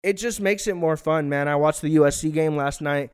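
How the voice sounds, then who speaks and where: A man's voice: a little high, a little fast, clear, resonant tone. Loose, profane young man rambling. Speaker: podcast host. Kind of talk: casual solo vlog chat. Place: hot living room at home.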